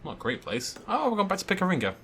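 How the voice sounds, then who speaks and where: Brief: male let's-player, animated delivery, bright, forward tone. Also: high-pitched, very fast, a little hiss or hum. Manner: chatty, excitable, swears casually. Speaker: let's play host. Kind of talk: casual gameplay commentary.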